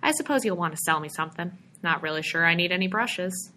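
A gentle, hospitable older mother, voiced by a woman reading a storybook. Her speech is soft in manner but bright in tone. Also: lowish voice, animated, quick pace, slight background noise. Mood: kindly. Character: kindly older mother at home.

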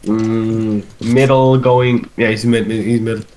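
A man's voice: lowish voice, steady tone, over music. Man calling out game moves. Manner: swearing, rapid callouts, joking. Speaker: player in a team match. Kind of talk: casual gaming voice chat. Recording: noisy game audio behind.

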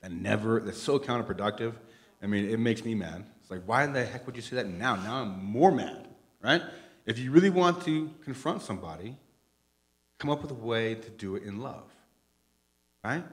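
A middle-aged man preaching a conversational sermon in a church, animated and joking, swinging from loud bursts to hushed asides. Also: on the low side, moderate pace. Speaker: pastor. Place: church sanctuary.

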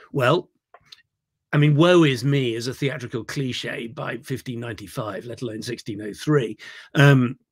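A man leading an online acting workshop. He is animated and digressive, repeating words when he gets excited, heard over a video call. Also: medium pitch. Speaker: theatre director leading a workshop.

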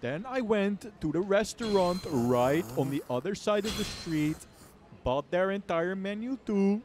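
A Dutch-speaking man voicing a hyped-up male mukbang video host, with loud, over-the-top announcer delivery and game music playing behind. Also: high-pitched, lively intonation, a little slow, noisy background, voice pushed up.

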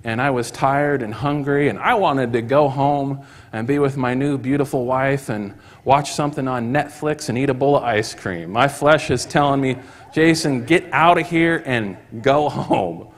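A man preaching a sermon in church, telling a story and acting out the voices of the people in it with rising excitement. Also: mid-range voice, moderate pace. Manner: acts out quoted voices, rising to excited shouts. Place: church hall. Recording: long hall reverb.

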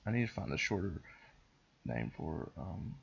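A man's voice: low-pitched, sing-song, moderate pace, gravelly, slightly rough, lo-fi sound. Rambling, profane male podcast host. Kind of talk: casual storytelling chat.

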